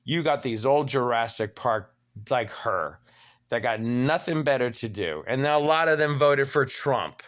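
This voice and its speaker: A vlogger in his fifties rants angrily and profanely about a dispute, acting out both sides with indignation. He's limping and needs a knee replaced, and speaks a little slowly in a medium-pitched, fairly bright voice.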